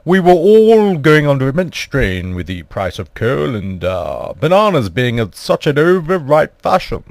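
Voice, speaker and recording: A young man telling an absurd comic story in a mock-posh, deadpan, rambling way. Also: mid-range voice, a little slow, creaky, no echo.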